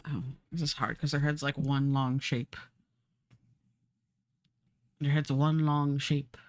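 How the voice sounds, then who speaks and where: A woman's voice: low voice, level tone, takes it slowly, no room sound. A young adult woman streaming, chatting casually and rambling while she draws, swearing now and then.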